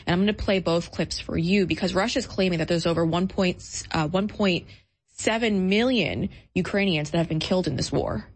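A woman hosts a political talk show, her voice sitting slightly low for a woman. She talks briskly and with emphasis, taking a combative edge as she previews the program.

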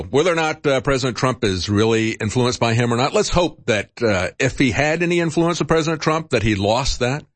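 A male talk-radio host delivering a heated commentary monologue, his pitch swinging widely as he goes. He sounds indignant and sarcastic. The recording is dry and close, with no room sound. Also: no echo.

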